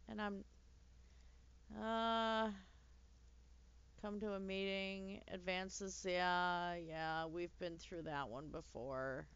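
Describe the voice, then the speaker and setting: A woman's voice: fairly low pitch, fairly even intonation, extremely slow, long pauses, fairly bright tone, clean tone. A woman streamer giving wry, self-mocking asides while playing a game. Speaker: let's play streamer. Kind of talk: casual game commentary. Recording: dull lo-fi dry recording.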